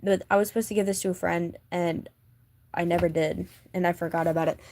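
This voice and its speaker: A woman's voice: fairly low pitch, steady tone, brisk, darkish tone, a little hiss or hum. A woman vlogger chatting casually about her sketchbook, rambling with many fillers and gushing like a fan. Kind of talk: casual chat.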